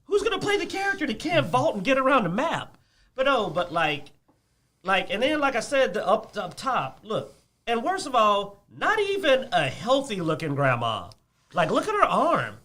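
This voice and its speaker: Animated high-voiced man ranting. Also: normal speed. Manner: animated, ranting, laughs often. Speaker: podcast co-host. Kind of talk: casual chat about games.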